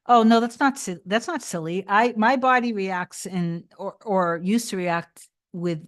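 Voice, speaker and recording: Chatty woman with a lowish voice, rambling. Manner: chatty, rambling, with many restarts and fillers; soft and reassuring. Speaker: manifestation coach answering live chat. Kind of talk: casual livestream chat.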